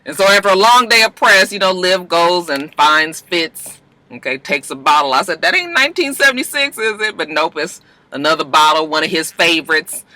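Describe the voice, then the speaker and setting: A vlogger giving a casual, gossipy TV episode recap in an animated, slangy way, recording at a post office. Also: medium pitch, moderate pace, low-quality recording.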